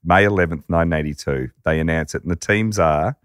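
Man with a really low voice narrating a story on a podcast, dry close mic. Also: quick pace, clean tone, dry recording. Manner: animated narrator who acts out quotes. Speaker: podcast host. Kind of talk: conversational storytelling.

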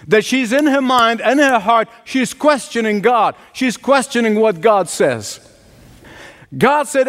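A man preaching a sermon, emphatic and direct, often dropping to a low, quiet voice for effect. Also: big-room sound. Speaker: pastor.

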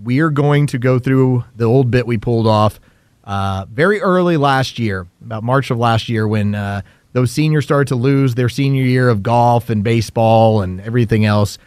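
A man's voice: medium pitch, moderate pace, a little mellow, clean tone, no room sound. A man co-hosting a podcast, teasing his partner and laughing often in casual banter. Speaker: podcast co-host.

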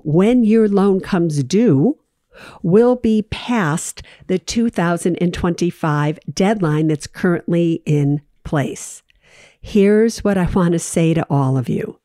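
A woman with a low-ish, mellow voice hosts a money advice show. She talks straight to her listeners, emphatic and direct, and drives points home by repeating them. The sound is close and dry. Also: dry recording. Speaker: financial advice host.

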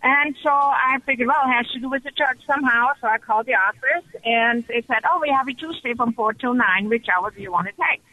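An excited woman phones in to a talk show and tells her story in a bright, forceful voice. The call comes through a dull, muffled phone line. It sounds dry and close, with no room around her. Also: a little high, fairly quick, few pauses, dry recording. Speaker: caller. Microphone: telephone.

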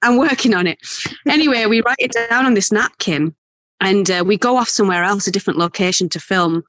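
Woman from England, guest actor; animated, rambling storyteller, dry mic. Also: mid-range voice, a little fast, no room sound. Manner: animated storyteller, many fillers and restarts. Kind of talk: casual interview chat.

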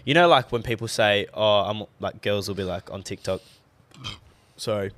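A man's voice: on the low side, normal speed, fairly bright tone, dry recording. A young man co-hosting a podcast in casual chat, laid-back and swearing freely. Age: young adult. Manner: laid-back, swears a lot, trails off with fillers. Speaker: podcast co-host.

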